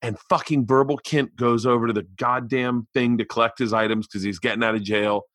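A comedian in his forties hosts his podcast in a loose, swearing, animated storytelling voice that often sounds exasperated. His tone is bright and forceful, and it sits dry and close to the mic at an average pitch. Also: fairly quick, dry recording. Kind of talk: casual storytelling and ad read.

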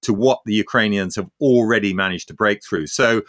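A man with a low voice and a bright, forceful tone answers listener questions on a podcast. He explains things in a measured way and builds each point step by step. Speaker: podcast co-host, commentator. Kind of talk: analytical podcast commentary.

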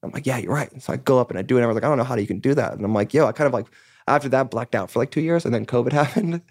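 A young man from California talks very quickly in a loose, rambling way. He fills his speech with "like" and curses, and he acts out his own past conversations. The sound is dry and close, with no room echo. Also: mid-range voice, darkish tone. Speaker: musician guest. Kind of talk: candid casual chat.

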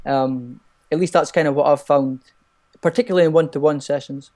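A man's voice: a little high, fairly even intonation, brisk, darkish tone. Hesitant man with a slightly raised voice. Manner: hesitant, repeats words while thinking. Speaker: personal trainer. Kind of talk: casual podcast chat.

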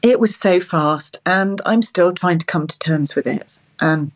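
A middle-aged woman guest, speaking haltingly and close to tears. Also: lowish voice. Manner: halting, emotional, many restarts. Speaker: interview guest.

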